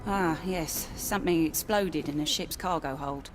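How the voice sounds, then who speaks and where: An actress voicing a sharp-tongued young barmaid in a video game, with dry sarcasm. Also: female voice, sits low, a little slow. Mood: matter-of-fact. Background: game music.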